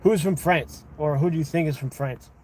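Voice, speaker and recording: A man hosting a livestream, casually chatting and arguing with viewers in chat, thinking out loud. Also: a little high, normal speed, slight background noise. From United States. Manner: conversational, argumentative with chat, thinking aloud. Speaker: livestream host.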